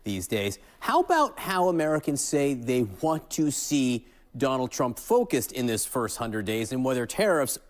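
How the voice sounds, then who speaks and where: A male TV anchor puts questions to an analyst in a calm, measured tone. His voice sits at an ordinary mid pitch. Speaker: TV news anchor. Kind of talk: broadcast news interview.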